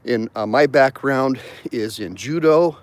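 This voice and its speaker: A man's voice: mid-range voice, measured pace, dry recording. A man in his fifties, an attorney, chatting casually and jokingly on a live stream outdoors on a cold morning, laughing often. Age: 50s.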